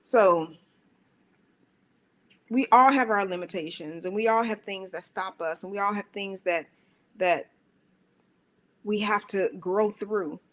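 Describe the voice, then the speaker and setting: Animated woman giving a motivational talk. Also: slow pace, long pauses. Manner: animated, acts out her own inner voices with squeaky high bits; conversational and emphatic, asks rhetorical questions. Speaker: speaker of a worship center.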